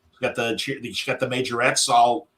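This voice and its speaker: A man's voice: mid-range voice, little pitch movement, moderate pace, fairly bright tone. A man hosting a podcast in casual, jokey chat, often breaking into silly voices. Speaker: podcast host.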